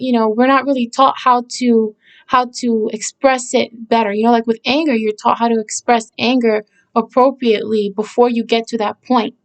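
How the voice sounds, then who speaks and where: Woman, songwriter, slightly high pitch, casual talk, hesitant, searching for words, reflective. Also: creaky. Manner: hesitant and searching, with many fillers and restarts; reflective and earnest, with short laughs. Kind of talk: casual talk about her own song.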